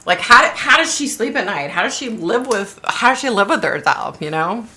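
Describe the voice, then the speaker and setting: A woman's voice: on the high side, normal speed, a little hiss or hum. A middle-aged woman hosting a psychic livestream, telling a story in casual chat, laughing a lot and acting out what other people said. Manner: animated, laughing, mimics others.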